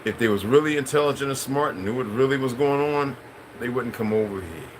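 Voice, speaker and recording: A man's voice: mid-range voice, lively intonation, a little fast, noisy background. A middle-aged man, a channel host, in a rambling, profane, preachy unscripted monologue.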